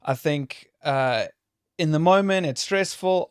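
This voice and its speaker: A man's voice: on the high side, slow pace, clear, resonant tone, no room sound, clean studio sound. A man co-hosting a podcast in casual chat, easygoing and self-deprecating. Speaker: podcast co-host.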